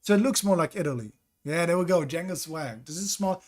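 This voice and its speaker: A man's voice: on the high side, expressive, a little fast. A man streaming a map-guessing game, thinking aloud and greeting viewers in chat between guesses. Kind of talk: casual live-stream commentary.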